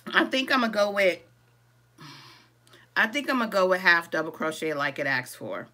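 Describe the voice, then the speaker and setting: Greeting viewers by name and reading their comments aloud while she crochets, this live-stream tutorial host keeps things chatty and relaxed, addressing everyone as "y'all". Her voice is mid-range and her speed normal.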